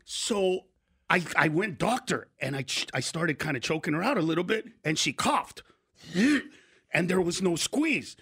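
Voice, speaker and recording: A comedian telling a story on a podcast, laughing along with himself. His voice is high and bright with a husky texture, swinging widely in pitch. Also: unhurried. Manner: animated, laughing through the story.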